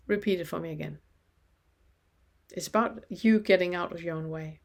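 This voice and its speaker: A woman with a mid-range voice leads a spiritual teaching lesson. She talks calmly and reflectively and keeps turning the listener back on themselves with rhetorical questions. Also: medium pitch, moderate pace. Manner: calm, reflective, asks many rhetorical questions.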